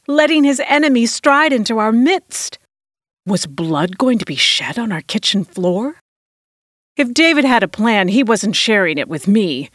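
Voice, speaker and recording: A woman narrates a first-person tale in an audiobook reading. Her delivery is dramatic and expressive, with a voice that rises and falls freely. The recording is dry and close, with no room sound. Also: mid-range voice, no room sound.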